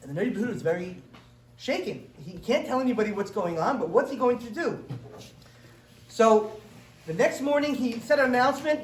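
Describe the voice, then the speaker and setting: A woman telling a story to children in a synagogue hall, animated and stopping to ask them questions. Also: fairly high pitch, brisk. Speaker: storyteller at a children's learning program. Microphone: distant room mic. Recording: roomy hall from far off, faint ambience.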